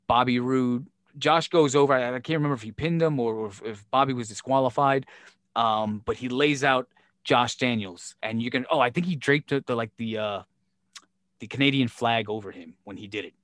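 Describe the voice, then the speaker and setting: In clean, echo-free studio sound, a man who once promoted and booked wrestling shows recounts backstage stories with plenty of swearing, acting out the quoted exchanges. His voice is medium-pitched at a moderate pace.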